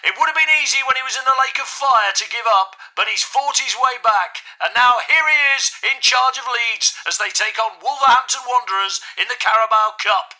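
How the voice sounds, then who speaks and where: A man voicing an excitable male football pundit who gushes in a breathless, rushed way. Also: very high-pitched, voice pushed up, exaggerated voice, low-quality recording. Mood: gushing. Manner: breathless gushing commentary.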